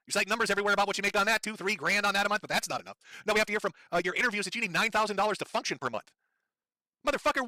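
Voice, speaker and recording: Ranting fast and furiously on a live stream, a man uses a high, sharp, cutting voice full of profanity and sarcasm. His pitch swings wildly and his throat sounds strained from yelling. The recording is dry and close.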